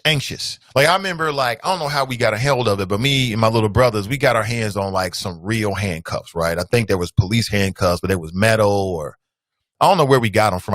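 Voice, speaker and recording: A man's voice: mid-range voice, a bit bright, no echo. Earnest male talk show host, dry sound. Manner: earnest, direct, calls the audience family. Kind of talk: casual commentary.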